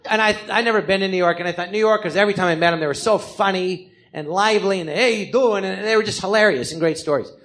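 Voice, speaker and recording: A male comedian tells stories in front of a live podcast audience. He rambles, catches his own mistakes, and keeps his voice pitched fairly high. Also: quick pace, few pauses. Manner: rambling, animated, self-correcting. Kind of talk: live comic storytelling.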